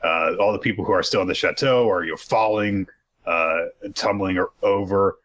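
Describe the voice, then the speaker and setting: A man's voice: low-pitched, moderate pace, fairly bright tone. A man co-hosting a podcast, recapping in loose, rambling casual chat with lots of fillers and joking profanity. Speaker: podcast co-host.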